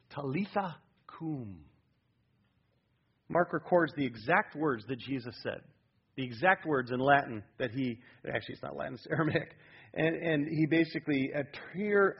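Male pastor, fairly high husky voice, emphatic animated sermon, dull lo-fi recording. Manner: animated, emphatic preaching that prompts the congregation.

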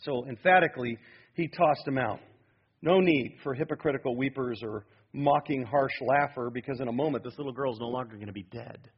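Husky-voiced man preaching emphatically. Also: medium pitch, brisk, dull audio. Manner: animated, emphatic preaching that prompts the congregation. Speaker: pastor. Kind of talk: sermon.

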